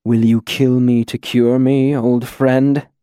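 Male reader doing a troubled, grave lord: hushed, measured, slow. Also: mid-range voice, little pitch movement, clear, resonant tone, no echo, studio quality, lightly acted. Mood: soft. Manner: quiet and soft-spoken, grave. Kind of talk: audiobook character voice.

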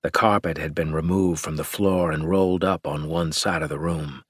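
A man narrating a first-person story in a grim, measured audiobook reading. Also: rumbling low, fairly even intonation, husky, no room sound, studio quality.

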